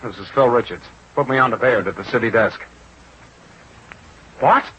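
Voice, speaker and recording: Guy doing an eager quick young reporter, bright punchy voice, old radio play. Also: medium pitch, close to an everyday voice. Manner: brisk, urgent. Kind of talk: 1940s radio acting. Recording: lo-fi old radio recording with faint hiss.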